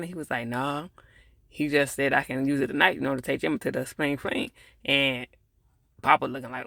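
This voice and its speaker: A man's voice: medium pitch, fairly even intonation, fairly quick, gravelly, bright, forceful tone, no room sound, studio quality. A man casually recapping a TV episode in a rambling, easygoing way, with plenty of fillers and laughing at the characters. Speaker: TV episode reviewer.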